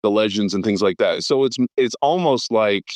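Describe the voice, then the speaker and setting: A man in his fifties talks movies on a podcast. He's enthusiastic and rattles off cast lists and credits between lots of ums. His voice sits a little low, recorded close and totally dry. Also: lively intonation, moderate pace, a little mellow, no echo. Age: 50s. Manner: enthusiastic, rattles off names and credits, frequent fillers. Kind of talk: casual film podcast chat.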